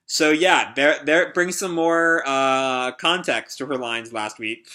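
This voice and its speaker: A man's voice: medium pitch, takes it slowly, few pauses, bright, forceful tone. A man reading a manga chapter aloud and reacting live, chatty, with frequent fillers and laughs. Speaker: online video creator reacting to a manga.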